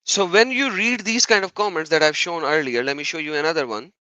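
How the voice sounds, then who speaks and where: Emphatic man with a bright, dry voice. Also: a little high, a little fast, dry recording, dull audio. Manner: emphatic, repetitive, rhetorical questions. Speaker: YouTuber responding to comments. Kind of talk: monologue commentary vlog.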